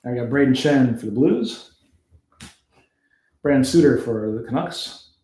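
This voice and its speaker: In this easygoing card-opening commentary, a Canadian host reads player names aloud and chuckles at the ones that trip him up. His medium-pitched voice is mellow, with lively intonation and an unhurried delivery, and the space sounds roomy.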